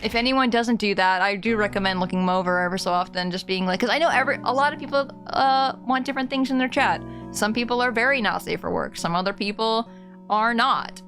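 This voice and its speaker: Quick and mid-range with a touch of brightness, this woman's voice carries a casual live chat with her audience. She's talkative and wears her feelings openly while faint game music plays.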